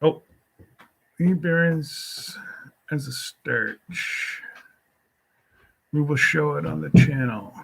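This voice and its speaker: A man's voice: fairly high pitch, extremely slow, gravelly, long pauses, a bit bright, breathy edge. A man hosting a casual solo live stream, rambling as he reads and answers viewer comments with a folksy, teasing manner.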